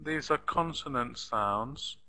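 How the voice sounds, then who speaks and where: Man, English teacher, very slow, patient, repeats words, spells them out, bright voice. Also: mid-range voice, expressive, a little hiss or hum, poor audio. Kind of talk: online English lesson.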